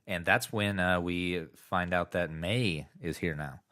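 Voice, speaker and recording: A man with a very deep voice co-hosts a casual podcast. He rambles through a recap in a laid-back way with plenty of pauses and fillers. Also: sharp tone. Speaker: podcast co-host. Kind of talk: casual chat recapping a cartoon episode.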